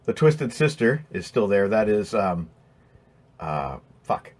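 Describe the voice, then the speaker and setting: Slow-talking man rambling on a live stream. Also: fairly low pitch, sing-song, darkish tone. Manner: rambling, swears, reads chat names aloud. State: strained throat from voiceover work. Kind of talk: casual live stream chat.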